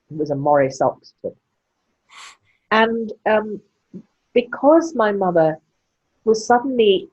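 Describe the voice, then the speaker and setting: The muffled, lo-fi clip features an older English woman in a frank, conversational interview. She speaks with a posh accent and meticulous diction, and her voice is lowish, dark and husky.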